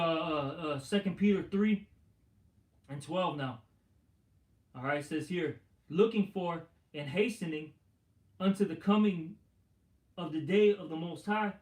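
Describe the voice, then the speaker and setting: A man's voice: sits high, echoey room. A man preaching an informal sermon and reading scripture, blunt and profane, stammering through restarts and tagging lines with "man" and "all right". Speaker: street preacher.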